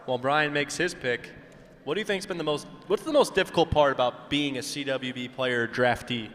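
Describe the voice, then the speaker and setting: A man co-hosting a live draft event, excitable and teasing, laughing easily as he banters. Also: mid-range voice, moderate pace, slight background noise. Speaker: draft co-host. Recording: long hall reverb.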